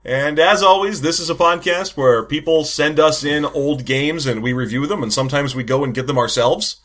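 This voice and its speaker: Man, podcast co-host, bright voice, irreverent comic banter, laughs a lot. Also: fairly high pitch, moderate pace. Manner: irreverent, riffing, laughs often. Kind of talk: casual comedic chat.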